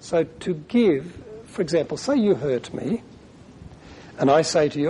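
Earnest preacher with a mellow voice. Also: male voice, a little high, expressive, slight background noise. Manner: earnest, pausing, acts out quoted speech. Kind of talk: sermon.

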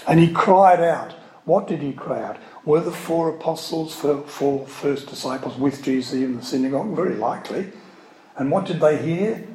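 Male preacher, conversational and wry, fairly high voice, recorded in an echoey room. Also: moderate pace, dark tone. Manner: conversational, wry asides, reads scripture aloud with emphasis. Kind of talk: sermon. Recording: echoey room, faint ambient noise.

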